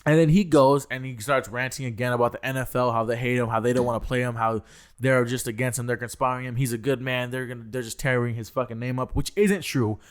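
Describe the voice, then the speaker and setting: A man's voice: mid-range voice, steady tone, fast, clean tone. A young man co-hosting a podcast, ranting heatedly with heavy swearing. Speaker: podcast co-host. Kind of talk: casual chat.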